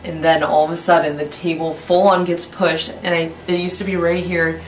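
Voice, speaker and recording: A woman vlogger telling a rumored ghost story in an old house at night, in casual, excited chat. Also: fairly low pitch, normal speed, slight background noise. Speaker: paranormal vlogger. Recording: roomy sound from a distance.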